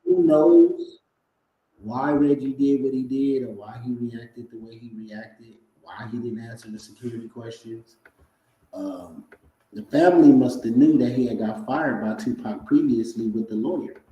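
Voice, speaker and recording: A man's voice: mid-range voice, a little slow, highs cut off. A man hosting a podcast, casually reacting to clips in slangy talk aimed at his listeners. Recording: very echoey room.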